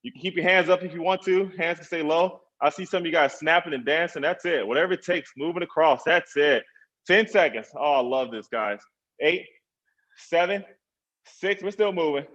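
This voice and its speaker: A man's voice: a little high, moderate pace, fairly bright tone, dull audio. A man, a personal trainer, coaching an online workout class, encouraging people and counting down the reps.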